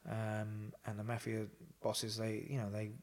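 A man's voice: on the low side, completely flat delivery, a little slow. A man telling personal stories in a casual chat, rambling with lots of fillers and quoted dialogue. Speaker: podcast guest. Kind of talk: casual storytelling.

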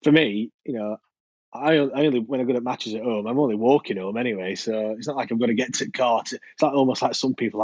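A man, co-hosting a podcast and talking about football in a frustrated, halting way. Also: medium pitch, a little mellow, husky, dry recording. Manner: frustrated, hesitant, repeats himself. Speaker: podcast co-host. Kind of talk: football fan chat. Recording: dull dry lo-fi podcast audio.

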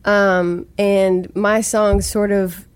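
A woman's voice: mid-range voice, flat delivery, extremely slow, clear, resonant tone, no room sound. Guest spot: Boston-accented woman in her forties, easygoing and chatty, recorded close and dry. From Massachusetts. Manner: chatty, laughs often. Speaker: songwriter guest. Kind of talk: casual interview chat.

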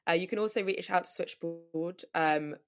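Woman, podcast guest, lowish voice, steady, plain delivery. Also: moderate pace, faint music behind. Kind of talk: casual interview answer.

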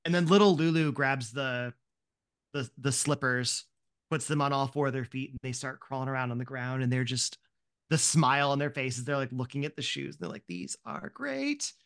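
A man's voice: medium pitch, steady tone, normal speed, fairly bright tone, clean tone. A man hosting and narrating a tabletop game, rambling with many restarts. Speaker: game master and host.

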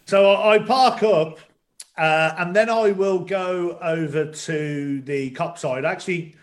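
A man's voice: high voice, slow pace. A man guesting on a talk show, speaking hesitantly with lots of ums, over a video call. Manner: hesitant, many ums and restarts. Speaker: guest, stadium announcer. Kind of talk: casual podcast chat.

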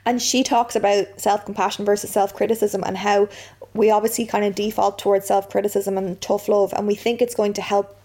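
A woman's voice: mid-range voice, level tone, a little fast, dark tone. A woman hosting a casual chat, frank and blunt, with casual swearing. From Ireland.

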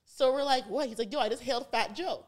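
Brief: young woman, slightly high voice, lively podcast storyteller who keeps saying "like". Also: fast. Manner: animated, heavy use of "like", acts out quotes. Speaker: podcast guest. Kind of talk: casual storytelling chat.

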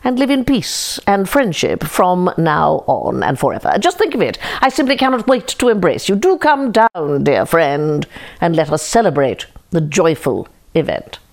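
A woman voicing a sly, overexcited male fox in a storybook tale, gushing and smooth-talking. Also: lowish voice, sing-song, moderate pace, a little mellow.

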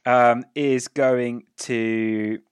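A man narrating a tabletop game as game master, describing the action in a casual way with quick asides. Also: medium pitch, flat delivery, clear, resonant tone, dry recording.

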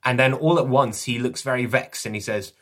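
A man's voice: medium pitch, a little fast, a bit bright. A man running a tabletop role-playing game as game master, narrating in a rambling way with frequent laughs. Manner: rambling, laughs often, restarts sentences.

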